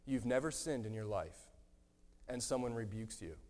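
A man preaching a sermon in an earnest, gently emphatic way, often repeating his words. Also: medium pitch, normal speed. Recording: long hall reverb.

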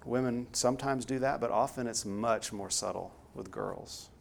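A man's voice: mid-range voice, moderate pace, gravelly, a little hiss or hum. Earnest male preacher delivering a sermon. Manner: earnest, emphatic, rising to stress key words.

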